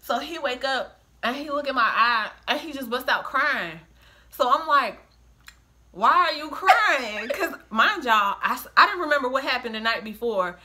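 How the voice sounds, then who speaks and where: Woman, middle-aged, bright higher voice, lively casual storyteller who plays all the quotes. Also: normal speed. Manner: animated, acts out quoted voices, breaks into laughter. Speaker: storyteller, the host's mother.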